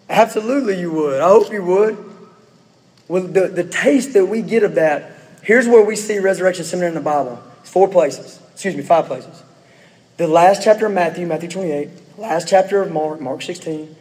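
A man's voice: high voice, moderate pace, a little mellow, in a large hall. A man preaching a sermon in a conversational way, with rhetorical questions and asides to the congregation. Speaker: pastor.

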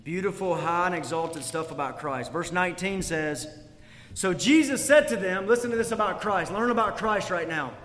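A man's voice: high voice, normal speed, a bit bright. A man preaching a sermon as pastor, building intensity and asking rhetorical questions. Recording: echoey hall.

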